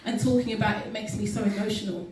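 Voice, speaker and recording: A woman speaks earnestly at an event, talking casually with many ums and self-corrections. Her voice is mellow and dark. She is recorded from a distance in a very echoey hall. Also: medium pitch, steady tone, fast. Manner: earnest, with frequent ums and restarts. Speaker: guest speaker. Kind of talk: casual health talk to an audience.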